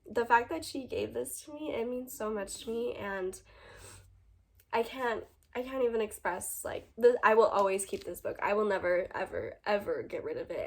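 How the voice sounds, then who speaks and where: A young woman talks excitedly about the books she got, with plenty of ums and likes. Her voice sits at a middle pitch for a woman, and her talk sounds loose and unscripted. She records at home on a camera mic under a ring light. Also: creaky, a little hiss or hum. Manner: gushing, chatty, with frequent ums and likes. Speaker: book vlogger and teacher. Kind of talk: casual book haul chat.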